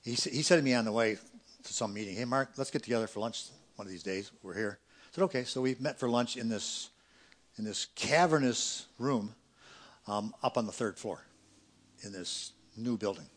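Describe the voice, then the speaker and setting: Man preaching a sermon, loud and soft. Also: fairly low pitch. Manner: swings between loud emphatic peaks and quiet, fast asides. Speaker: pastor.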